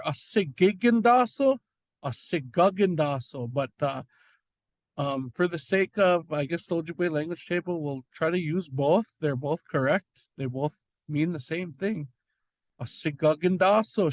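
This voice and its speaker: A man teaching an informal language lesson, slowly repeating and sounding out words, with frequent fillers. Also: on the high side, dry recording. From Red Lake.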